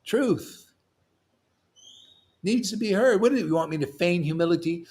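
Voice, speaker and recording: Male preacher, fervent and rambling, slangy talk, slightly high voice. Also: a little slow. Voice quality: excitable, loud bursts, laughs and shouts, slangy with "man". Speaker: preacher leading a devotional class. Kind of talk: fervent, rambling sermon with verse quotes.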